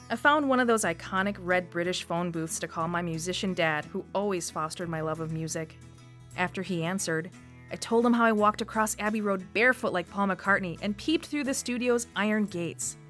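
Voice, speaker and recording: A woman's voice: medium pitch, a bit bright. Woman with a Northeast Wisconsin accent. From Wisconsin, USA. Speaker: storyteller. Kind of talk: scripted personal radio essay.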